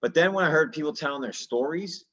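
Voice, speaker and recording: A man's voice: fairly high pitch, lively intonation, fast talker, a bit bright, dull audio. Candid man in his thirties telling his story. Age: 30s. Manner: casual, slangy, earnest, with fillers.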